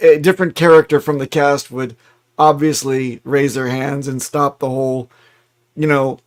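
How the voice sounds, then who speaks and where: A man's voice: medium pitch, flat delivery, normal speed. A man co-hosting a casual livestream chat, joking and mocking himself. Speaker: co-host.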